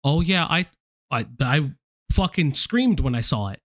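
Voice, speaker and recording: A man's voice: fairly high pitch, big pitch swings, a little slow, no room sound, clean studio sound. A man hosting a commentary stream, lecturing in a heated, profane way. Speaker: stream host.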